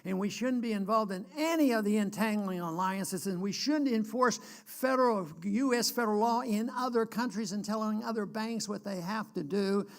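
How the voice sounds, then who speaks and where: Older American man, gravelly, earnest speaker who stops and restarts. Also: sits high. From United States. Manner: earnest, emphatic, halting with restarts. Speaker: guest speaker. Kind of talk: political speech.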